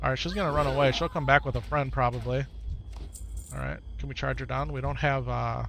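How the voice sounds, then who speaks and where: Streaming a video game and reading chat aloud, a Wisconsin-accented man keeps an easy rapport with viewers, frequently echoing his own phrases. His medium-pitched voice is creaky and fairly bright, with fairly even intonation and a brisk pace. There's slight background noise.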